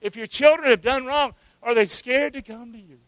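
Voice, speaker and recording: A man preaching a sermon to his church, talking conversationally with rhetorical questions and swinging from hushed asides to loud, emphatic lines. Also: very high voice, normal speed, dry recording. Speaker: pastor. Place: church sanctuary.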